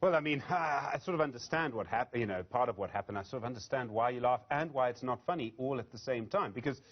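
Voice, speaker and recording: A man's voice: mid-range voice, animated, quick pace, muffled recording. A man anchoring a news interview, speaking reflectively and hedging his points. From South Africa.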